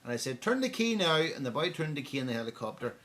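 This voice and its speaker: A Northern Irish man voicing a cheeky old rural storyteller in a raised, excited way. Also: mid-range voice, quick pace, voice pushed up. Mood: boastful yarning.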